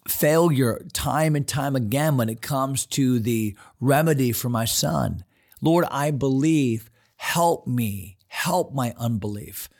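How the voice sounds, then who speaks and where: A man pastor giving an earnest devotional sermon, slowing down to stress the scripture he quotes. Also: mid-range voice.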